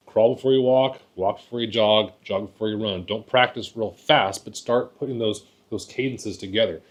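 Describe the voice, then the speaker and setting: A man teaching hunters how to call geese, talking in a folksy way, often repeating words and checking in with "right?". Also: mid-range voice. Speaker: goose calling instructor. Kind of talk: casual instructional talk.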